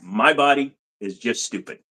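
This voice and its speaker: A man's voice: medium pitch, normal speed, bright, forceful tone. A man hosting a casual livestream from his computer at home, answering chat questions and playfully slipping into silly accents.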